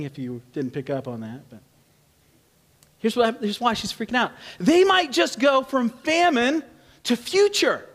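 A man preaching a sermon in an animated, humorous, conversational way, swinging from loud to hushed. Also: extremely high pitch. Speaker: pastor.

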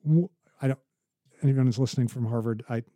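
A man co-hosting a conversational academic podcast, telling stories with many halting restarts. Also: mid-range voice, mellow, no room sound, clean studio sound. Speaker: podcast co-host.

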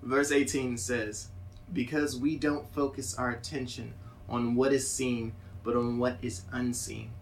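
A man co-hosting a faith podcast, reading scripture aloud in a steady, deliberate way. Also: medium pitch, creaky, a little hiss or hum, poor audio. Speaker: podcast co-host. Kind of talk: scripture reading and casual chat.

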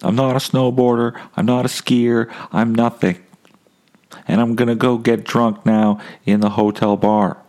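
A man's voice: medium pitch, fairly even intonation, unhurried, darkish tone. A man telling a rambling, profane, self-mocking story in a casual monologue as a comedian hosting his own podcast.

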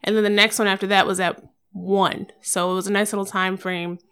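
A woman's voice: mid-range voice, little pitch movement, a little fast, fairly bright tone, clear, resonant tone. A young adult woman, a podcast guest, chatting casually and telling stories animatedly, acting out what people said. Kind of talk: casual chat.

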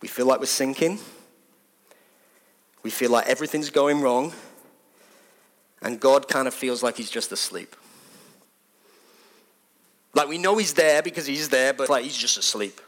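Animated preaching man. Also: mid-range voice, a little slow, long pauses. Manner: animated, conversational, emphatic repetitions. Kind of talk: sermon.

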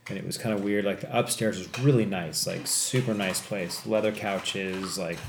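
A man's voice: deep voice, steady tone, normal speed. A man tells a story from his own life in a loose, rambling way, swearing freely and bursting out when things get tense. He is recorded in an echoey room, with a faint hiss of noise behind him. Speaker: podcast host telling a story. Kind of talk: casual storytelling.

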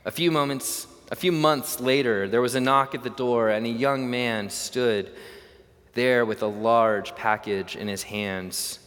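A male preacher telling a story in a slow, earnest sermon style. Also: mid-range voice, a bit bright. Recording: long hall reverb.

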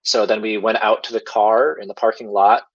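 Low husky man telling a story. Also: little pitch movement, moderate pace, dull audio. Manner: rambling, filler-heavy, chuckles while talking. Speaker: podcast guest telling his story. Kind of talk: casual storytelling.

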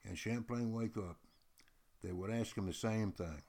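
Lively folksy male storyteller. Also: on the low side, unhurried. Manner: lively and folksy, addresses the listener directly. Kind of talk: oral storytelling.

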